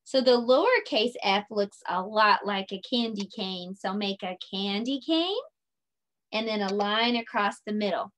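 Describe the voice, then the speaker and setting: A woman leading a children's circle time lesson, speaking in a slow, sing-song, encouraging way and stretching her words out. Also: medium pitch, fairly bright tone. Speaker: preschool teacher.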